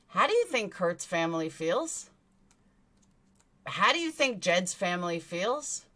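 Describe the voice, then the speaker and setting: Blunt New York woman, bright voice. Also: mid-range voice. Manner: indignant, blunt, swears freely. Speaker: true crime commentary host. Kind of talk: livestream commentary, reading chat.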